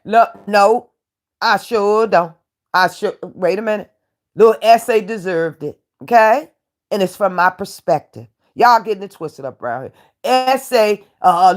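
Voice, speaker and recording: Brash taunting woman host. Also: a little high. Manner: brash, taunting, animated, laughs often. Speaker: YouTube commentary host playing a judge. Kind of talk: casual streetwise commentary rant.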